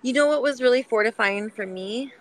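A woman talking gently and protectively in a supportive heart-to-heart chat, often filling with "like" and "you know". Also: fairly high pitch, fairly quick, poor audio. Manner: gentle, nurturing, many filler likes.

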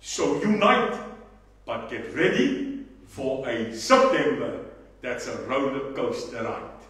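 A man with a South African accent giving a rousing political speech, emphatic, swinging from low asides to shouting. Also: lively intonation, takes it slowly. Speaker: political party leader. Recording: echoey hall, mic far off.

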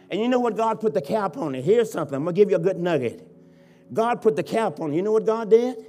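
High-voiced man preaching with fervor. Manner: impassioned preaching that swings from hushed to shouting. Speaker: bishop. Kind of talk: sermon. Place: church sanctuary.

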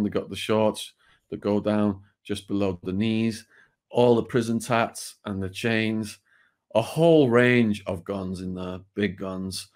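British man telling a wild story. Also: on the low side. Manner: vivid, blunt retelling with swearing. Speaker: guest. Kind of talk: storytelling interview.

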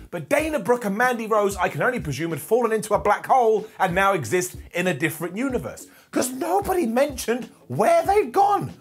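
A man reviewing a wrestling show in a sarcastic, jokey, animated rant. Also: sits high.

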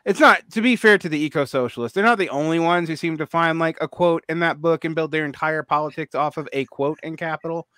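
A man's voice: a little high, quick pace, hardly any pauses, pushed and bright, no echo, clean studio sound. A man in his forties hosting a podcast, chatting casually, rambling and restarting often with many fillers. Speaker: podcast host. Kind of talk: casual conversation.

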